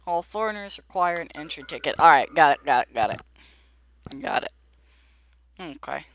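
A woman's voice: sits low, lively intonation, moderate pace, fairly bright tone. A woman giving casual gameplay commentary, chatty and jittery, pleading aloud with the characters and talking to her viewers. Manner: addresses viewers directly. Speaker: gameplay video creator.

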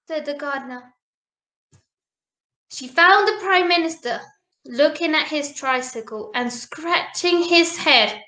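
A woman reading a picture book aloud to children in an animated, coaxing way. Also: sits high, measured pace, roomy sound. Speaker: storybook reader.

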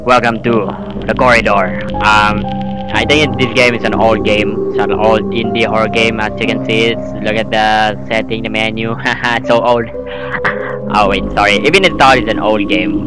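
A man giving rambling horror gameplay commentary as a channel host, excitable and breaking into yelps and screams. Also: mid-range voice, rough recording.

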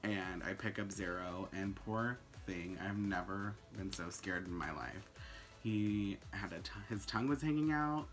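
A young man telling a story in a casual, animated way, full of "like" fillers and swearing. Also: sits low, unhurried, soft background music. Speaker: vlogger.

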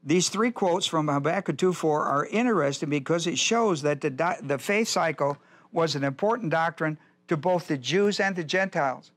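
A man's voice: on the high side, moderate pace. An older man teaching a Bible study as pastor, folksy and digressive, often repeating himself. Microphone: whiteboard lecture in a church.

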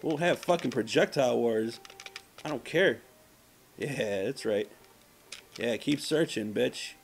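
A man's voice: medium pitch, slow, gravelly, a little hiss or hum. A man casually commenting on his gameplay, profane and self-mocking, trash-talking the game's enemies. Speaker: let's play gamer.

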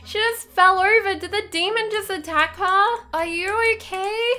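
A woman with a very high voice narrates her gameplay in character. Her tone is bright and sharp, and she keeps gasping and sounding frightened as she plays along. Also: normal speed, soft background music. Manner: excitable, gasping, scared-sounding play. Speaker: gaming YouTuber. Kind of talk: role-playing while playing a game.

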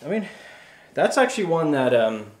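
A man's voice: on the high side, very animated, roomy sound. A man from South Africa, co-hosting a reselling vlog in an upbeat, chatty way. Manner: upbeat, chatty, quick to laugh. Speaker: reseller vlogger, co-host. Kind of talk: casual chat.

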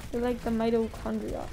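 High-voiced bubbly woman streamer. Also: very noisy. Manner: bubbly, chatty, laughs often, talks to chat. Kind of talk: live gameplay commentary.

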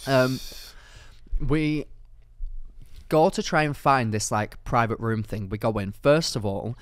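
A young man co-hosting a podcast, telling a story in a rambling, animated way, full of fillers and laughs. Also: mid-range voice, slow, dry recording, clean studio sound. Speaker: podcast co-host. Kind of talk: casual storytelling chat.

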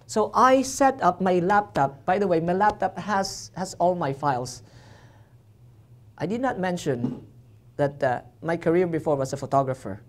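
Lively storytelling missionary man preaching. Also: sits high, moderate pace. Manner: lively storyteller, self-deprecating jokes, acts out his own reactions. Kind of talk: humorous personal testimony sermon. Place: church.

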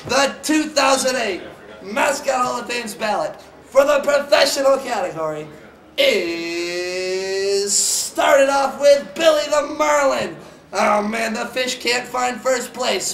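A hammy, excitable man with a very high, gravelly voice announces awards in a goofy comic style. He shouts and whoops between jokey asides. He sounds a little off-mic in an echoey room. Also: distant mic. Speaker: mascot show host.

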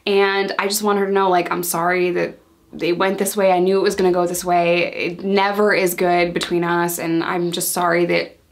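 A woman in her thirties tells a story from her own life to the camera. She talks casually and sounds exasperated, often acting out what she and others said in quick bursts. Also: fairly low pitch, flat delivery. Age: 30s. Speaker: storytime vlogger.

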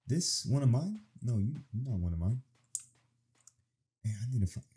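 A young man gives profane, excited let's-play commentary, talking to the game as he plays. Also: medium pitch, normal speed. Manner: profane, animated reactions, talks to the game. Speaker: gaming streamer.

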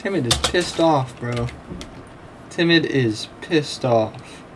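A young man giving casual commentary over his own gameplay, excitable, laughing often and swearing freely. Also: mid-range voice, slow pace, slight background noise. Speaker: gameplay video creator.

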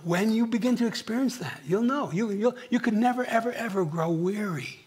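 A middle-aged male pastor preaching a sermon, swinging from near whispers to emphatic questions and clearing his throat often. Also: sits high, fairly quick, hardly any pauses, a little mellow. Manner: dramatic, dropping to near whispers and rising for emphasis; asks the congregation rhetorical questions. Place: church.

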